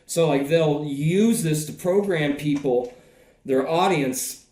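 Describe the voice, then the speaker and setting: A man's voice: on the high side, takes it slowly, mellow, echoey room. A man with a Southern US accent, rambling and swearing in a casual podcast chat, full of fillers. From American South. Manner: profane, rambling, filler-heavy. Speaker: podcast host.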